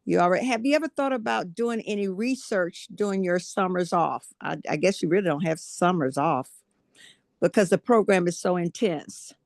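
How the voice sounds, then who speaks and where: Older woman, South Carolina native, co-host. Slow, encouraging and chatty, on a dry close mic. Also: lowish voice, creaky, no echo. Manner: slow, drawn-out and encouraging, laughs often. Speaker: podcast co-host. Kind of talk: warm casual interview chat.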